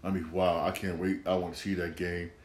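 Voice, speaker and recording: A man's voice: low-pitched, level tone, fairly quick, darkish tone. A man hosting a casual solo sports podcast, rambling and repeating himself, with bursts of ranting.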